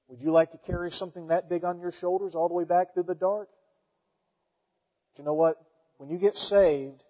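A man preaching a sermon, telling stories and swinging between loud emphatic peaks and quiet asides. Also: fairly high pitch, long reverb tail, lo-fi sound.

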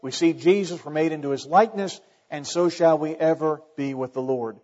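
A male pastor with a fairly high voice preaches to his church, chatty and wry. His voice rings out with a long hall echo, and the recording sounds dull and a bit lo-fi. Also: moderate pace, darkish tone. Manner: conversational preaching with wry asides. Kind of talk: sermon.

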